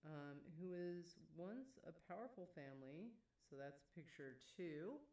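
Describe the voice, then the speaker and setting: A woman's voice: fairly low pitch, lively intonation, unhurried, warm tone, echoey room, distant mic. A woman chatting casually on a live stream, reading chat messages aloud and laughing often.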